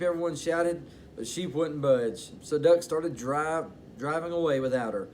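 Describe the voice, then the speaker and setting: A man's voice: on the high side, moderate pace, a little hiss or hum. Man reading a children's bedtime story. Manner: expressive, bedtime-story delivery. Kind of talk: children's picture-book read-aloud.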